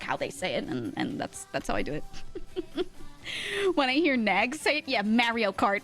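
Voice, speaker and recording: A young woman with a South Jersey and Philadelphia accent chats casually with her stream and laughs often. Her voice sits a little high and swoops around a lot. Faint music plays underneath. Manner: chatty, laughs often, animated.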